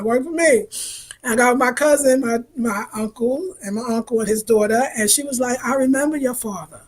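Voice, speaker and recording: A woman vlogging to her viewers in a rambling, emphatic, colloquial way. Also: high voice. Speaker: travel vlogger. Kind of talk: casual spiritual talk to viewers.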